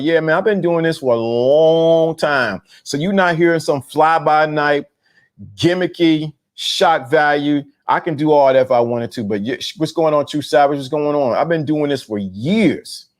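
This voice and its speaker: A middle-aged man hosting a casual live stream, talking in slang, repeating himself and giving shout-outs to viewers. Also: on the high side. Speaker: host of a talk show on dating game. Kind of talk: casual live-stream talk reading chat.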